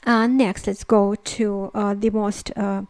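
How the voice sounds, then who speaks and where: A woman whose first language is Russian teaches a language lesson in English, explaining slowly with many fillers and repeating each phrase. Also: mid-range voice, little pitch movement, a little mellow, no room sound.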